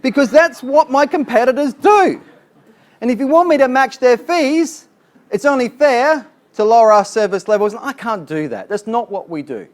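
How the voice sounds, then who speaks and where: A man voicing a blunt, straight-talking male estate agent who pushes back firmly on a client, in a fairly high voice. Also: animated, moderate pace. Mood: blunt, pushy.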